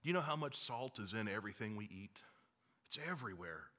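A man preaching a sermon as pastor, lively and wryly self-mocking, with humorous asides. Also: fairly low pitch, quick pace, big-room sound.

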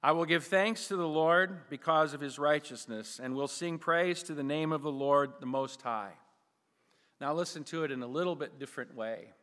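A male pastor preaching a sermon, slowing down and leaning on key phrases for emphasis. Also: fairly high pitch, lively intonation, bright, forceful tone, in a large hall.

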